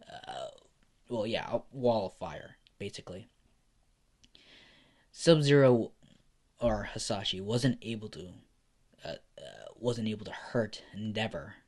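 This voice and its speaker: A young man narrating an improvised fan story in a casual way, with fillers and self-corrections. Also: lowish voice.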